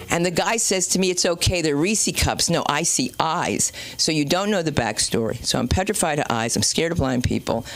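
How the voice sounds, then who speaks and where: A woman comedian hosting an open mic night, telling a rambling stand-up story with swearing and sudden loud and low turns. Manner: animated, swearing, jumps between loud and low. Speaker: comedian and show host. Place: small comedy club stage.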